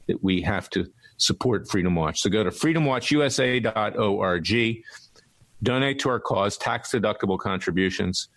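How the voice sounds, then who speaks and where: A man's voice: lowish voice, a bit bright, no echo. A middle-aged man giving an impassioned, indignant fundraising appeal, speaking emphatically and driving his points home again and again. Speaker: activist lawyer making an appeal.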